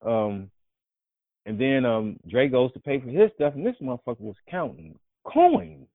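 A man casually telling a long, profane, rambling story as a guest, often breaking into animated quoted voices. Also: normal speed, no echo. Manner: profane, rambling, jumps into high animated voices when quoting others. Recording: dry, tinny phone-like audio.

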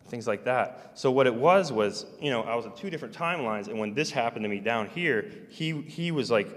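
A man telling a personal story in a rambling, halting way, full of restarts and trailing-off phrases. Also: fairly low pitch, long reverb tail.

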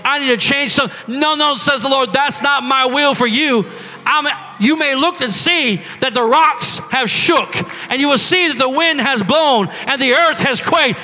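Preacher guy with a real high bright voice, yelling a sermon in a big echoey church. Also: unhurried. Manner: preaching, builds to shouting and prophecy. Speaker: pastor.

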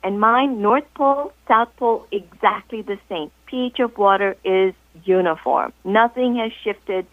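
A woman guest author telling a story in a radio interview, explaining in a measured, deliberate way over the phone. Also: medium pitch, no room sound. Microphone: telephone. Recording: tinny phone line, dry.

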